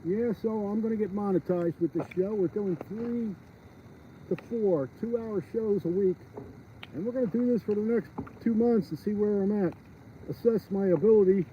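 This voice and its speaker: A man ice fishing outdoors, chatting and joking with his viewers on a live stream from his phone. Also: sits high. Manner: chatty, rambling and jokey, talks to viewers. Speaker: fishing vlogger. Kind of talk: casual live-stream chat. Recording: dull lo-fi phone audio outdoors. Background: wind.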